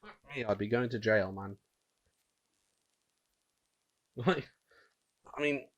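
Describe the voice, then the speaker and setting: A man's voice: mid-range voice, moderate pace, dry recording. An eighteen-year-old man co-hosting a podcast in casual chat, swearing often and laughing at himself. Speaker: podcast co-host.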